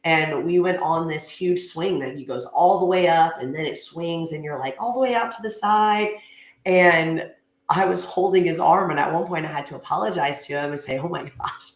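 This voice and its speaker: A woman's voice: low-pitched, moderate pace. A woman giving an earnest, conversational motivational talk at a gym, with frequent fillers like "you know" and "um.". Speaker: gym speaker. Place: gym class space. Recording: echoey room.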